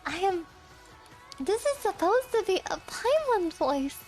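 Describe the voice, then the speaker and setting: A woman's voice: extremely high pitch, big pitch swings, measured pace, darkish tone, soft background music. A young adult woman VTuber chatting casually with her stream, with a childlike voice, giggling often and teasing back at chat.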